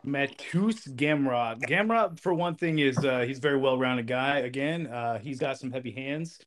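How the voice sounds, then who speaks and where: A man co-hosting a casual sports betting podcast, speaking in a relaxed, halting way with many fillers. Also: medium pitch. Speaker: podcast co-host.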